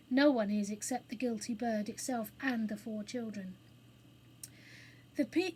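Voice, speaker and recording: Lady reading a kids storybook out loud, expressive, kinda high voice. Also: slight background noise, low-quality recording. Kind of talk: reading a children's book aloud.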